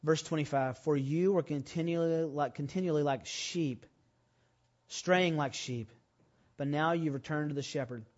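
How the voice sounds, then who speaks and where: A man preaching a sermon, telling a personal story and rising to loud, emphatic preaching. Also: fairly high pitch, normal speed, dull audio. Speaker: pastor.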